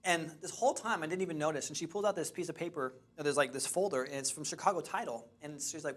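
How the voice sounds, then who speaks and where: A man in a training session, telling animated stories about finding property to a class. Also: fairly high pitch, quick pace, hardly any pauses. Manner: animated, chatty, restarts and laughs. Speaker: real estate investing trainer. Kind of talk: lively storytelling to a class.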